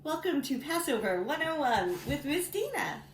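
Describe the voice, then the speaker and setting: A woman preschool teacher telling a story to small children in a playful, animated way. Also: high voice, moderate pace. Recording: roomy echo with faint background noise.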